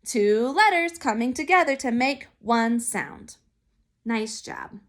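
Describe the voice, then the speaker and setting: Woman, phonics teacher, high voice, slow careful sounding out. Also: animated. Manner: slow, clearly sounded out letters and syllables. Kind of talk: phonics lesson for young children. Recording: recorded for remote learning.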